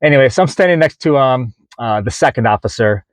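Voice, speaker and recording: A man in his forties tells a long story to his camera, rambling and full of ums, uhs and false starts as he acts out each exchange. His voice sits at an ordinary middle pitch. The sound is dry and close, with no room echo. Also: expressive, fast talker. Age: 40s. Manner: rambling, many fillers and restarts, acts out quoted dialogue. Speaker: vlogger.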